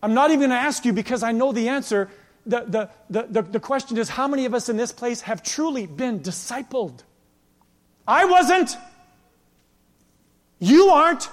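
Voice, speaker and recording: A man preaching a sermon as pastor, emphatic, with passages that drop to a quiet, intense tone. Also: very high-pitched. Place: church sanctuary. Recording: long church hall reverb.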